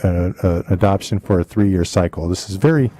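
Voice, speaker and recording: A man with a low, warm voice walks a school board through a report. His delivery is halting, full of fillers and restarts, and the sound is dry and close, with no room echo. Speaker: school district administrator. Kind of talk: presenting a report at a board meeting.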